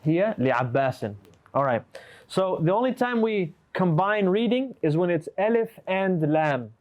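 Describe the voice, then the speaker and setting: A man's voice: high voice, animated, moderate pace, darkish tone, lo-fi sound. A man teaching an Arabic class over a video call, patiently questioning and correcting his students and mixing English with Arabic grammar terms.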